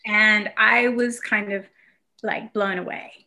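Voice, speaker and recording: Bright-voiced woman telling a story. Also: medium pitch, fairly even intonation, slow. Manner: warm, reflective storytelling with fillers and restarts. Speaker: guest telling a childhood story. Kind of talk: casual conversation.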